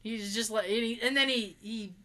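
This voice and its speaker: A woman's voice: a little high, normal speed. A young woman casually telling a funny story, sarcastic and acting out the quoted lines. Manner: sarcastic, animated, acts out quotes. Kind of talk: casual chat, telling an anecdote.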